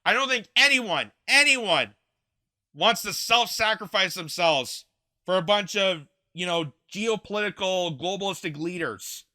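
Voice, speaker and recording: A man's voice: high voice, expressive, measured pace, sharp tone. A man in his twenties from Canada, hosting an angry, heated political commentary rant from his basement. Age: 20s. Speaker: host. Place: home basement.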